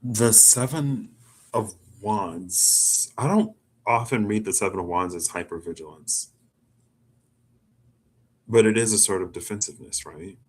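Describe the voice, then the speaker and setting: A man with a lowish, husky voice does a casual tarot reading for himself at a measured pace. He muses and rambles in a chatty way, leaning heavily on the filler "like."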